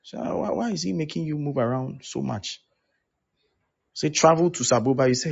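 A man's voice: fairly high pitch, normal speed, creaky, husky, lo-fi sound. A man preaching as a pastor, acting out both sides of the conversations he recounts. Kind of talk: sermon.

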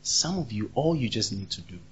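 A man preaching a sermon, emphatic and repetitive, swinging between loud and soft. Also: on the low side, big pitch swings, brisk, muffled recording, a little hiss or hum.

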